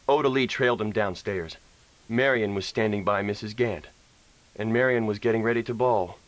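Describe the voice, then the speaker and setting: A man narrating a western audiobook in an expressive storytelling manner, recorded on a close studio mic. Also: fairly low pitch, moderate pace, dry recording, rough recording. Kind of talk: scripted narration.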